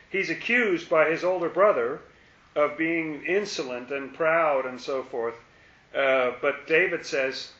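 A man teaching a conversational Bible study, musing aloud and repeating key phrases slowly for emphasis. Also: a little high, steady tone, a bit bright, echoey room, highs cut off.

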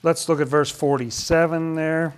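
A man's voice: on the high side, fairly even intonation, normal speed, clear, resonant tone. A man leading a casual Bible study, thinking aloud and asking questions about the passages.

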